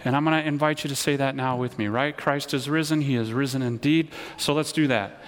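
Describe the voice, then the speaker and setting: A man's voice: mid-range voice, fairly even intonation, fairly quick, slight background noise. Male pastor, earnest sermon delivery with call-and-response, in a hall with long reverb. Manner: earnest, repeats words, leads call-and-response.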